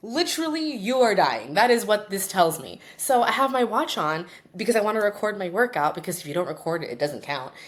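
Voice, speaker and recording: A woman's voice: mid-range voice, brisk, few pauses. A young woman co-hosting a podcast, telling stories in casual chat and acting out both sides of the conversations. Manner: animated storytelling, acts out both sides of conversations. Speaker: podcast co-host.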